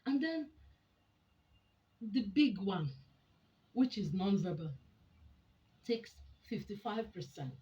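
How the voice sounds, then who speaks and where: A woman's voice: mid-range voice, very animated, slow, long pauses, warm tone. A woman giving a motivational talk on communication in marriage, emphatic and teacherly, asking her listeners rhetorical questions. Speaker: relationship speaker. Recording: dull lo-fi sound with faint noise.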